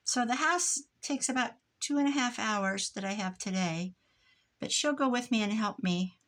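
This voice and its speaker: A woman's voice: a little high, moderate pace, fairly bright tone. A middle-aged woman from Iowa talks in a loose, rambling way while she crafts at home. Her chat drifts from one tangent to the next. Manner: rambling, chatty, wanders off on tangents. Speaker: crafter vlogger.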